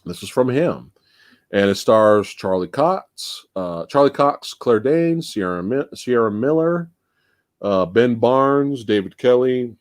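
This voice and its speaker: Lively, profane man hosting a live stream. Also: mid-range voice, slow, dry recording, clean studio sound. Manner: animated, profane, laughs often. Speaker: podcast host. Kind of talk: casual live-stream movie chat.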